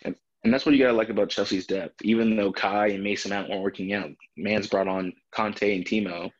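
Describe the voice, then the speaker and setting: A man's voice: lowish voice, fairly even intonation, a little fast. A young man co-hosting a casual football chat, easygoing and a little hesitant, laughing along. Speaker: co-host. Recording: dull lo-fi sound.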